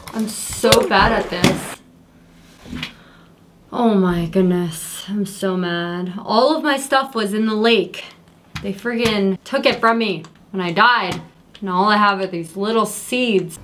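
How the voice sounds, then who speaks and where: A young woman giving casual, excitable commentary while playing a video game for the first time, yelping at enemies. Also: mid-range voice, a little slow, over loud music. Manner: excitable, yelps and scolds at enemies. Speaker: gaming creator. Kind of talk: casual let's play commentary.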